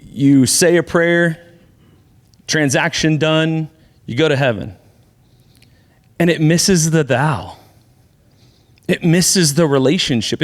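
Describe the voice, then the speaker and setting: Animated male pastor in a reverberant hall. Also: a little high. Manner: conversational, animated in asides. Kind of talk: sermon. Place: church sanctuary.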